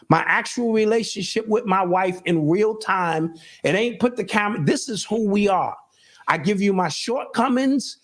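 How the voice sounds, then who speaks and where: A middle-aged man talking in casual conversation with a fairly high voice. He speaks earnestly, almost preaching, and often restarts with repeated words. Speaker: show host and guest. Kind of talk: casual chat.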